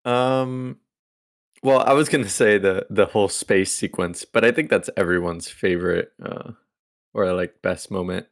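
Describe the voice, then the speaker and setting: A man's voice: on the low side, unhurried. A man co-hosting a movie podcast, speaking hesitantly with fillers. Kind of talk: casual movie discussion.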